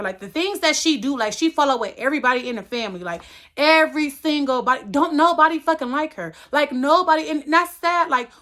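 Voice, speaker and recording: A woman's voice: sits high, pushed and bright. A woman in her thirties telling a storytime about a relative she hates, in a heated, profane rant. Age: 30s. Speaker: storyteller vlogger.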